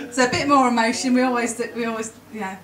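With a slightly high, fairly bright voice, a woman presents to a conference audience, emotional and chatty but prone to halting restarts. The hall sounds roomy through a far-off mic, with faint ambience and a bit of hiss or hum.

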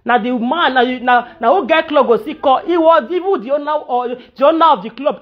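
A woman's voice: sits high, a little fast, few pauses, muffled recording. A woman with a Nigerian accent giving an emotional monologue to camera, pleading and ranting, slipping into chanted lines in a local language. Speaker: social media personality.

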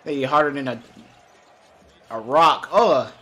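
A young man streaming his reaction to basketball highlights, hyped and slangy, repeating short catchphrases. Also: a little slow, sharp tone. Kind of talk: excited live reaction commentary.

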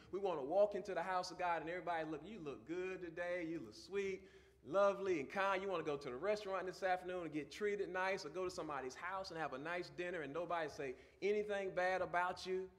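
A male pastor preaching a sermon, moving from quiet teaching to loud, fervent preaching. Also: high-pitched.

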